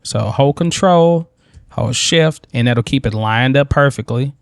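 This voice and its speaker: A man hosting a software tutorial, thinking aloud in a loose, informal way as he works on screen. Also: medium pitch, unhurried, clear, resonant tone, no echo, studio quality. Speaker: tutorial host.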